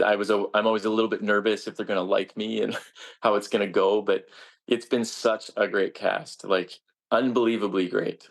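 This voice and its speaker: Man, gravelly voice, stage actor being interviewed, earnest, halting, restarts sentences. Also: lowish voice. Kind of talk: casual interview answers.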